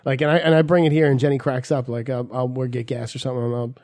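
A man's voice: mid-range voice, flat delivery, quick pace, darkish tone. A man in casual podcast chat, telling crude jokes and stories. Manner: crude, joking storyteller. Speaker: podcast co-host.

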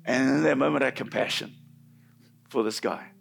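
A middle-aged man preaching a sermon in church, telling a personal story with animated swings from loud to hushed. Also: mid-range voice, a little fast, gravelly, a little hiss or hum. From New Zealand.

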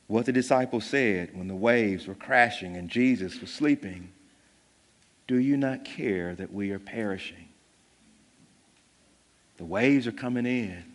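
A male pastor preaching a sermon in a conversational way, jumping between loud bursts and hushed lines and acting out the voices of people in the story. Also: medium pitch. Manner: conversational, acts out voices of disciples. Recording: long hall reverb.

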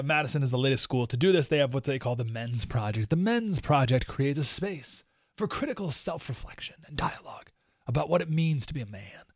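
A man's voice: medium pitch, creaky, dry recording, clean studio sound. A man hosting a radio talk show, delivering an opinionated monologue in a sarcastic, mocking, emphatic manner. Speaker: radio host.

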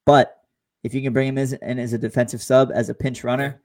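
A man co-hosting a casual sports talk show, speaking in a measured way with frequent stammered restarts. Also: medium pitch, little pitch movement, a little mellow. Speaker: podcast co-host.

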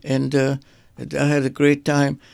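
Older male artist, gravelly and monotone, halting storyteller. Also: mid-range voice, no echo. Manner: halting, repeats words while searching for them. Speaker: artist guest. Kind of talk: rambling personal reminiscence.

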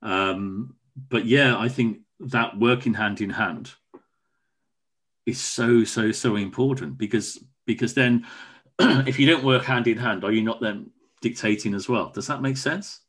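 A man's voice: mid-range voice, measured pace, fairly bright tone, husky. A man, a podcast guest chatting enthusiastically over a video call and often repeating words. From Cornwall, England. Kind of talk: casual conversation.

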